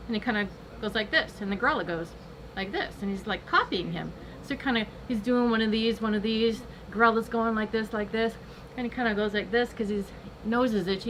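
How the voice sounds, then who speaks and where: A woman chatting casually on a livestream and telling an animated joke, acting out the characters as she goes. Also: brisk, a little hiss or hum, low-quality recording. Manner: animated storyteller, acts out the characters with big pitch jumps.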